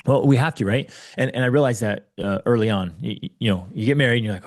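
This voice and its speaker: A man's voice: mid-range voice, fast. A man in his forties, an interview guest, telling personal stories with emphatic, urgent conviction. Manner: emphatic storyteller, urgent and preachy. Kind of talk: conversational interview.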